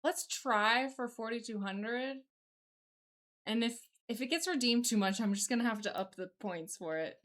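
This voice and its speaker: A woman's voice: on the high side, normal speed, a bit bright. Chatty young woman with a Southern twang. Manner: rambling, chatty, reads and answers chat aloud. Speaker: livestreamer. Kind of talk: casual live-stream chat.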